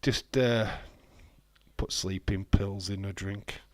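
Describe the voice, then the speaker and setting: A man hosting a live wrestling watch-along, chatty and excitable, swearing casually. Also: fairly low pitch, takes it slowly, dry recording. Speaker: livestream host.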